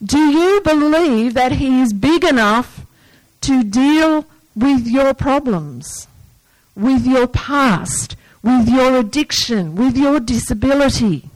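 A woman's voice: high voice, slow pace, no room sound, rough recording. A woman preaching a sermon in an earnest, plain manner, reading scripture and asking the listeners questions. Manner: earnest, breaks into lively movie-yelling asides.

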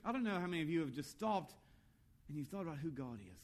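An earnest male pastor preaching with a slightly high voice. He leans into rhetorical questions and personal stories, lifting his voice for emphasis. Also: expressive, fast talker. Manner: storytelling about his own youth. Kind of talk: sermon.

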